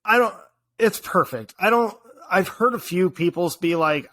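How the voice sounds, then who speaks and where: A man in his thirties, co-hosting a podcast, telling stories in a casual, animated way with lots of fillers and restarts. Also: sits high, moderate pace. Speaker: podcast co-host. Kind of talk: casual chat.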